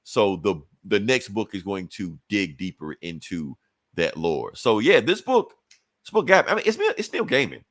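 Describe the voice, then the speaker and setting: A man co-hosting a podcast who tells a story in a casual, animated way and swears freely. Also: lowish voice, normal speed, no echo. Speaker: podcast co-host. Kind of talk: casual podcast chat, retelling a comic.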